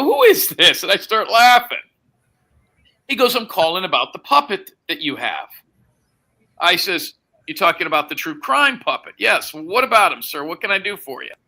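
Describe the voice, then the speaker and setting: A man telling a story in a casual chat, acting out both sides of a phone call and swearing freely. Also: sits high. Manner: animated storytelling, acts out quoted phone dialogue, swears.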